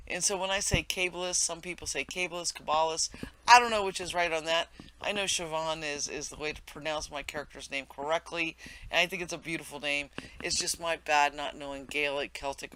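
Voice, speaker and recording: Bright, rambling man narrating gameplay. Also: a little high, steady tone, a little fast. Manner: rambling, many fillers and self-corrections. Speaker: game tutorial narrator. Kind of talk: casual gameplay commentary.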